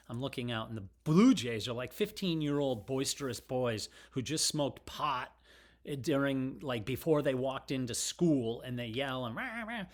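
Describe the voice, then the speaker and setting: Middle-aged guy rambling to his camera, frank, wanders off topic, mid-pitched voice. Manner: rambling and digressive, frank and emotional. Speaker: vlogger. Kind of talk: casual rambling monologue.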